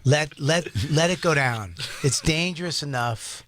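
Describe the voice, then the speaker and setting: A man co-hosting a radio show, chatting casually and throwing in quick teasing jokes. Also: a little high, a crowd in the background.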